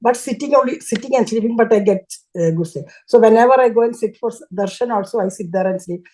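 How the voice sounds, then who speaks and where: An older woman telling a personal devotional story as a guest, speaking haltingly and often restarting as she searches for words. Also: a little high, darkish tone, low-quality recording. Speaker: guest sharing a devotional testimony.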